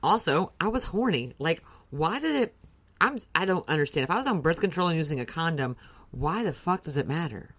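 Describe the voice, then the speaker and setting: A woman's voice: sits low, very animated, fairly quick, fairly bright tone, no room sound. A middle-aged woman co-hosting a casual podcast, telling rambling stories full of swearing and restarts. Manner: profane, rambling storyteller with many restarts. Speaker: podcast co-host.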